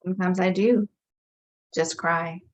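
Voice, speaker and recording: Woman, low flat voice, unhurried guided tapping script, measured repeated phrases. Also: dull audio. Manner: slow, measured affirmations voicing frustration. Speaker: EFT tapping practitioner.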